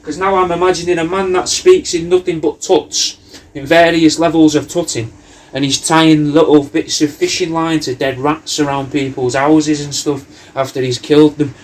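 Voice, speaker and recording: A man's voice: a little high, little pitch movement, moderate pace. A man, hosting a comedy cameo and riffing in a meandering, sweary monologue. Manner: meandering, sweary, riffing loosely with lots of "mate". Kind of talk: rambling comic monologue.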